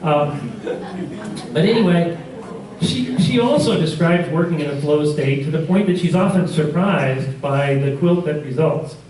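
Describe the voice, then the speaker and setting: A man leads a community class, telling casual, rambling stories with chuckles and often correcting himself mid-sentence. His voice sits fairly high, with lively intonation, a measured pace, and a darkish tone. He's recorded from far off in a roomy classroom.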